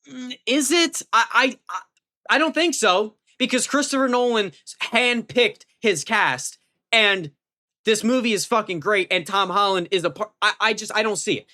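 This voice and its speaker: Excitable young man rambling a movie review. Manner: rambling, full of fillers and restarts, swears casually; pitch jumps up when emphatic. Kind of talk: casual movie review vlog.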